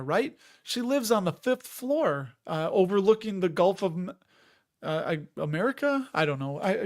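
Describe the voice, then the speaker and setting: A man hosting a live chat stream, talking in a loose, wandering way and sounding a bit worn out. His voice sits a little high for a man. He reads out viewer comments as he goes. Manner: rambling, chatty, reads viewer comments aloud. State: tired.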